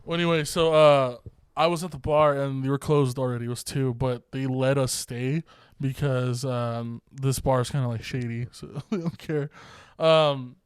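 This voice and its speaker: A man's voice: mid-range voice, steady tone, normal speed, smooth, no echo. A young man co-hosting a podcast, telling a bar story in casual, profane, laughing chat. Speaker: podcast co-host.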